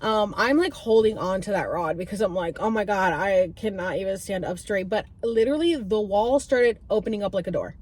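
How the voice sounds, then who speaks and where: A young woman vlogs to camera about her own experience in loose, chatty talk. Her speech is packed with "like" and restarts, and she breaks into high squeals and cries as she acts out her own past voice. Her pitch sits in the middle of the female range. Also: a little fast, hardly any pauses, darkish tone. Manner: heavy use of "like" and filler restarts. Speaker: vlogger and spiritual reader. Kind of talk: casual storytelling to camera.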